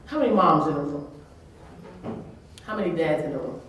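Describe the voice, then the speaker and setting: A woman's voice: sits low, expressive, a little fast, slight background noise. Woman speaking in an echoey hall. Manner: earnest, tearful at moments, laughing asides. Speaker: keynote speaker. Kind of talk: emotional public speech. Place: large conference room. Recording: echoey hall, mic from far off.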